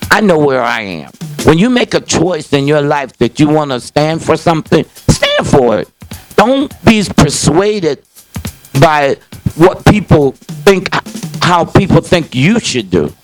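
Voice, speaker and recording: A man's voice: fairly high pitch, sing-song, measured pace, soft background music. An older man hosting a call-in talk show, chatting loosely to viewers in a folksy way with lots of "you know" and restarts. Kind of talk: casual rambling monologue to viewers. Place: small indoor set filmed by a cameraman. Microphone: speakerphone call on camera.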